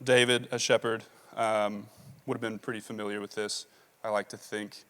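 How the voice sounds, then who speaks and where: A man's voice: lowish voice, level tone, normal speed, fairly bright tone, clean tone. A man preaching a sermon as pastor, talking casually with many fillers and reading scripture aloud. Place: large church hall. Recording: long reverb of a large hall.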